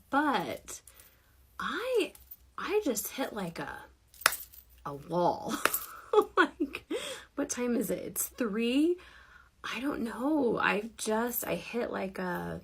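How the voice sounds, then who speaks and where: A woman in her thirties hosting a casual livestream, chatty and giggly, self-deprecating, sounding tired and low on energy. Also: sing-song, slow pace, gravelly, long pauses, fairly bright tone, breathy edge. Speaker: network marketing livestream host.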